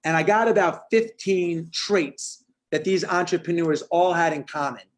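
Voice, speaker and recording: A man's voice: a little high, a little slow. A man in his forties, a motivational speaker telling a story with energy and punchy, acted-out quotes. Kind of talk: storytelling talk on a video call.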